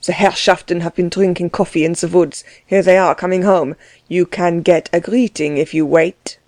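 A woman doing a harsh, mocking older gentleman. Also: on the low side, fairly even intonation, normal speed, no room sound, natural voice. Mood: gruff. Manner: bossy, laughing harshly. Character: harsh, mocking middle-aged German man.

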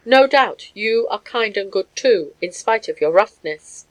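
A woman voicing a passionate Russian man who speaks gravely and pleads earnestly. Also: mid-range voice, expressive, unhurried, lightly acted, rough recording.

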